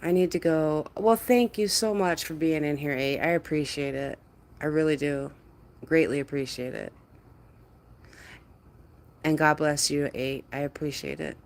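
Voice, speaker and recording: Chatty woman hosting a livestream, low voice. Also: a little slow, pauses often, darkish tone. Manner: laughs often, greets viewers by name; quotes others in a mocking voice. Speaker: livestream host. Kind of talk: casual live-stream chat with viewers.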